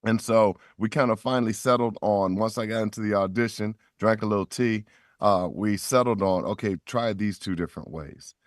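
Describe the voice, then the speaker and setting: A middle-aged man, a voice actor, speaks at a normal speed in a fairly low voice while telling stories as a podcast guest. He animates the quoted voices as he goes. The studio-quality audio has no echo.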